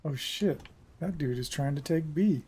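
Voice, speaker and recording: A young man talks his way through a naval battle game in an unhurried drawl. His voice sits slightly high, and he mutters and curses under his breath as things go wrong. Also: dark tone, breathy edge. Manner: swearing, muttering reactions to the game. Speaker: gaming streamer. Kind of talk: casual gameplay commentary.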